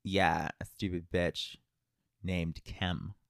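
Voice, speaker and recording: A woman's voice: a bass voice, level tone, takes it slowly, gravelly, dry recording, studio quality. A woman hosting a podcast in casual chat, teasing and sarcastic with her sisters. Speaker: podcast host.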